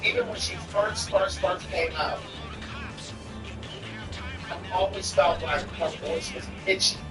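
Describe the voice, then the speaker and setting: A co-host on a gaming stream, bantering casually in a sassy, blunt, animated way. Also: medium pitch, takes it slowly. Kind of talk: casual chat while gaming. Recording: roomy, distant mic, loud music behind.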